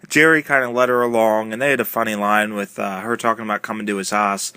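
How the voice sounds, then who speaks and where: A man with a lowish, bright, forward voice talks through a wrestling broadcast as a casual review, stringing events together loosely and padding them with fillers. The sound is dry and close, with no room around it. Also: steady tone, fast talker, clean tone, no room sound. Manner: rambling, filler-heavy retelling with many uh and um.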